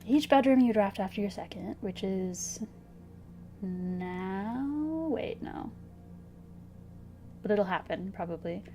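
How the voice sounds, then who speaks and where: A woman streamer casually thinking aloud over a puzzle game, hesitant and giggly, with soft music behind. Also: a little high. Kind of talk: casual gameplay commentary. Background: soft background music.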